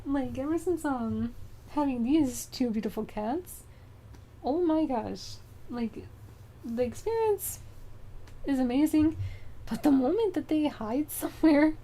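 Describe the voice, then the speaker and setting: A young woman talks casually on a stream, rambling and filling pauses with ums and likes. Her voice sits fairly high, with a faint hiss of background noise. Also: animated, dark tone. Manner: rambling, many fillers, frequent laughs.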